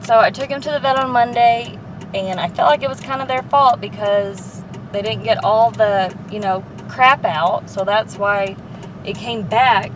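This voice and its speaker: A woman's voice: a little high, unhurried. A young woman casually telling a story in a vlog, filler-heavy and chatty, recorded in a car. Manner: chatty, says "like" a lot. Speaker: vlogger. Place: car, sister holding camera. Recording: distant mic with loud road noise.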